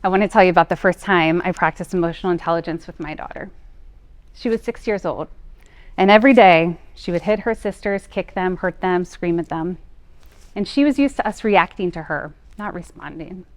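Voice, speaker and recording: A middle-aged woman, a parent coach, telling a personal story in an earnest, gentle way. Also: lowish voice, fairly quick, no echo. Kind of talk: personal talk.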